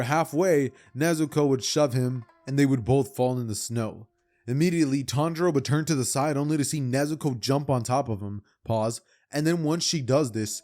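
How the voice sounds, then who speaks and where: A young man casually retelling a fan-fiction story for his channel, rambling and animated with side comments. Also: mid-range voice. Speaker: YouTuber.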